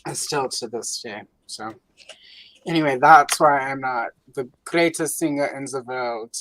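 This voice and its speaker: A woman's voice: rumbling low, measured pace, fairly bright tone, no room sound, low-quality recording. Chatty, rambling woman host. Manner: rambling, lots of fillers, chatty. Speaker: livestream host. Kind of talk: casual livestream chat.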